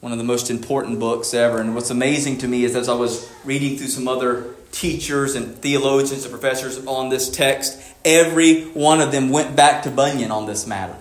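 A man as pastor, preaching a sermon, moving between low measured passages and emphatic raised lines. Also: fairly even intonation, echoey room.

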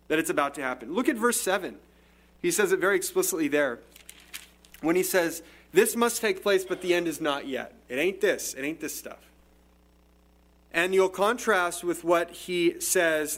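A man's voice: on the high side, a bit bright. A pastor with a slightly raised voice preaches a verse-by-verse sermon. He talks conversationally, explaining as he goes and often restarting a phrase mid-thought. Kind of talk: expository sermon.

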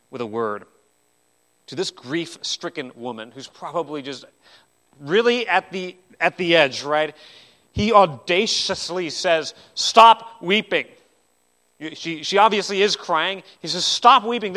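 A man preaching a sermon in an earnest style, swinging between loud, emphatic lines and quiet ones, and repeating words as he restarts. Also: a little high. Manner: earnest preaching with sweeping rises and drops in loudness. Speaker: pastor.

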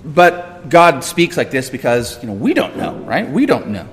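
A man's voice: mid-range voice, big pitch swings, moderate pace, big-room sound. A man pastor preaching a sermon, emphatic and repetitive, questioning the congregation and answering himself.

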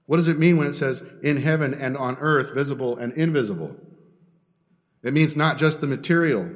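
A man preaching a teaching sermon as pastor, posing rhetorical questions and building emphasis. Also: fairly high pitch. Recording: long reverb in a hall.

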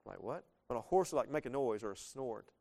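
A man's voice: mid-range voice, lively intonation, fairly quick, vocal fry, mellow. A man in his thirties, a pastor giving a casual, earnest verse-by-verse sermon with sudden swells of emphasis.

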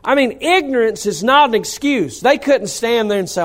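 A man's voice: extremely high pitch, animated, moderate pace. A middle-aged man from North Carolina, a pastor preaching a sermon with rising emphasis.

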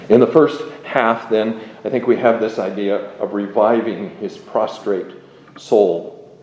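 A man teaches a class in a slow, unhurried lecture, working through the material with measured pauses. His voice sits low and mellow. The classroom rings with echo, and a faint hum of room noise lies underneath. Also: steady tone. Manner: measured, deliberate, with pauses and fillers.

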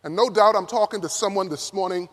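A man preaching a sermon to college students, emphatic, swinging from loud to hushed. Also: sits high, quick pace. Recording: reverberant hall.

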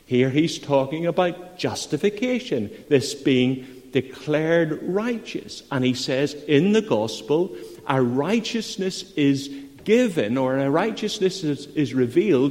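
Male pastor, slightly high voice, slow earnest sermon delivery, reverberant church sound. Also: animated, a little mellow. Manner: slow, earnest preaching with rising emphasis. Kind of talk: sermon with scripture reading.

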